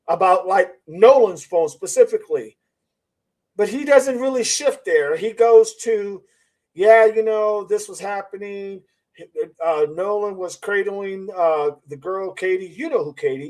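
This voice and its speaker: High-voiced skeptical man on a livestream. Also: a little mellow, rough recording. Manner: skeptical, repeats points, rhetorical questions; reads viewer comments aloud. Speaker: channel host. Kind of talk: live-stream commentary.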